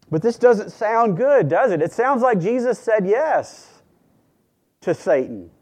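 Brief: male preacher, slow and deliberate sermon delivery, a bit higher voice, earnest and measured. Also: very animated, a little mellow. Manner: measured, earnest, with dramatic pauses.

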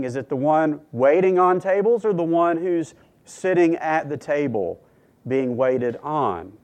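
Slow, earnest male preacher. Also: fairly high pitch, a little mellow. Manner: measured, earnest, with dramatic pauses. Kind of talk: sermon.

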